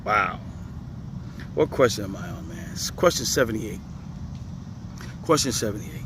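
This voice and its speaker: A man's voice: on the low side, lively intonation, a little slow, background noise. A man teaching scripture in a casual video, repeating his points with emphasis and chuckling often. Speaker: religious teacher.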